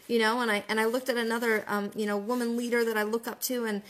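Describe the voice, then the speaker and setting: A woman giving a motivational live video talk as an online business mentor, excitable and often fumbling and restarting her words. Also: a little high, quick pace. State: out in the freezing cold.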